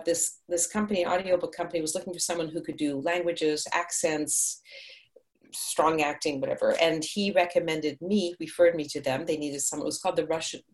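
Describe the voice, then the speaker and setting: A middle-aged woman from Hungary, an actress, chatting upbeat in an interview, digressing and laughing often. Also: lowish voice. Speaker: actress and audiobook narrator. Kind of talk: casual interview answers.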